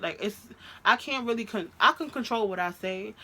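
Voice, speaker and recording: A woman telling a story about her ex in a storytime vlog, animated and profane, recorded on a phone. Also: mid-range voice, fairly quick. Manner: animated, profane, recounts a fight with heated quoted outbursts. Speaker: vlogger telling a personal story.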